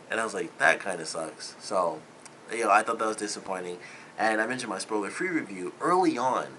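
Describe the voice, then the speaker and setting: Male reviewer, lowish voice, forceful bright edge, loose rambling delivery. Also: a little hiss or hum, low-quality recording. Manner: rambling, loose, full of "like" and "you know". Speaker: movie reviewer. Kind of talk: casual spoken film review.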